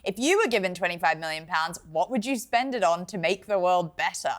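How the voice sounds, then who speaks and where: A woman's voice: fairly low pitch, lively intonation, brisk. A woman co-hosting a comic talk show, bubbly and giggly. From Australia. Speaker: co-host. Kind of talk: comic chat show banter.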